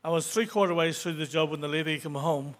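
A man in his sixties with a higher voice gives an unscripted testimony at church as a member of the congregation. He's earnest but halting, stumbling through many restarts and fillers, and becomes emotional toward the end.

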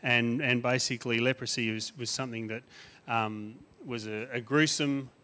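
A man preaching a sermon as a guest speaker in a conversational way, his voice rising and growing loud on emphatic lists and dropping quiet on asides. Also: medium pitch, steady tone, moderate pace.

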